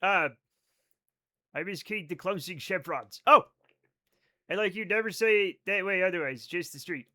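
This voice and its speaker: Young male streamer with a high, sharp voice who is chatty and profane and riffs on chat. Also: normal speed, pauses often. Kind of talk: casual live-stream chat while gaming.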